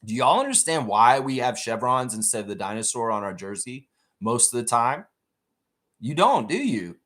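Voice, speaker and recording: A man's voice: mid-range voice, brisk, fairly bright tone. A man hosting a live basketball fan show in a casual chat, ranting and swearing freely as he talks. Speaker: podcast host.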